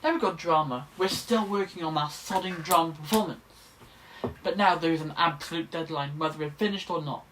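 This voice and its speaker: A man's voice: fairly high pitch, a little fast, fairly bright tone, a little hiss or hum. Chatty young man vlogging. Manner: rambling, chatty, self-deprecating. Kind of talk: casual chat to camera. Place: bedroom.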